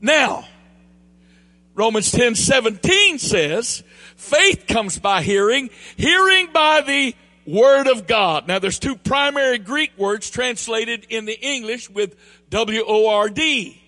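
Southern preacher guy, slow and punchy, high voice, gets loud on the big lines. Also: expressive. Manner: emphatic, rising to near shouts on key phrases; drops into a quieter storytelling tone for anecdotes. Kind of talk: sermon.

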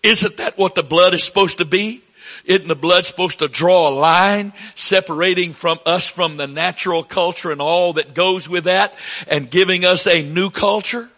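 A man in his sixties with a Southern American accent, preaching a sermon to his congregation, climbing to emphatic peaks and dropping to quiet asides. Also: high voice, moderate pace, big-room sound. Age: 60s. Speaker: pastor.

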